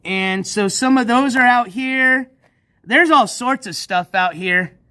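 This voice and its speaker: A man's voice: very high-pitched, takes it slowly, pushed and bright, dry recording, clean studio sound. A man hosting a casual livestream outdoors by a backyard pool at night on a handheld phone, talking in a laid-back, rambling way with frequent chuckles. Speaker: livestream host.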